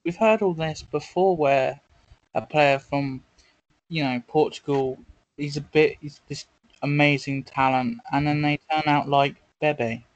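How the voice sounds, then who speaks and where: Sceptical co-host, blunt casual football chat, dry close sound. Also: male voice, on the high side, a little slow, no echo, highs cut off. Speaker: podcast co-host.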